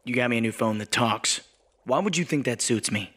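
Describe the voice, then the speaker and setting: A man's voice: medium pitch, fairly quick, fairly bright tone, natural voice. An actor playing an exasperated young assistant, wary of his employer. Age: young adult.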